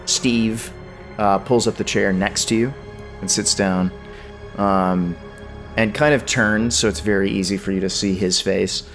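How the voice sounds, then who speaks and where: A male game master narrating a tabletop horror game in an unhurried way, stopping often for ums and uhs. His voice is somewhat low, with faint music running underneath.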